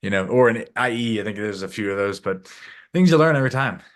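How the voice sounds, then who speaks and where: Animated man rambling as a guest. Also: on the low side, fast. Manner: rambling, animated, acts out quoted voices. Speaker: podcast guest, coach. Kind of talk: casual interview chat.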